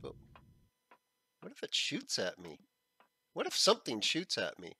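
A man hosting a gaming channel, chatting casually as he plays, thinking aloud and often clearing a frog in his throat. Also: medium pitch, huge pitch swings, a little slow, pushed and bright, dry recording. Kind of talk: casual gameplay commentary.

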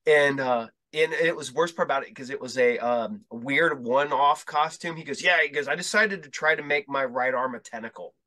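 Bright-voiced man telling rambling stories. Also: mid-range voice, moderate pace, few pauses. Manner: rambling anecdotes with profanity and quoted dialogue. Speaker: podcast host. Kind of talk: casual storytelling chat.

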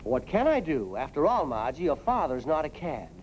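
A man's voice: on the high side, sing-song, moderate pace, darkish tone, slight background noise, rough recording. A flustered, stammering father. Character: flustered middle-aged father in a jam. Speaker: father in a sitcom. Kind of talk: 1950s TV sitcom acting.

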